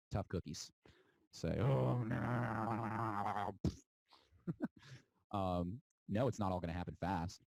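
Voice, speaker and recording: A man's voice: low voice, mellow, no room sound, poor audio. A man delivering an impassioned, defiant monologue as a podcast host, mocking and preachy, drawing out words for emphasis.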